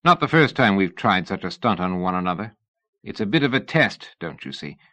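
A man doing a gruff rogue. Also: sits low, big pitch swings, fairly quick, pushed and bright, no echo, exaggerated voice. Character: cocky streetwise London man, gruff and blunt.

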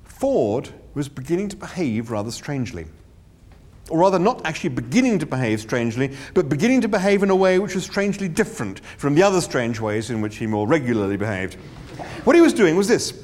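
A man giving expressive audiobook narration with wry, theatrical comic timing. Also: fairly high pitch, fairly quick.

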